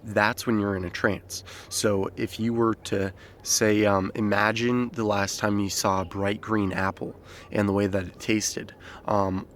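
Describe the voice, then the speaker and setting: A man's voice: lowish voice, slight background noise. Man talking fillers-heavy outdoors on a phone. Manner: relaxed, many fillers and restarts. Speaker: self-help teacher. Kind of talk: unscripted outdoor explainer video. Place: outdoors in nature. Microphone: phone held by the speaker. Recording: phone recording with faint outdoor ambience.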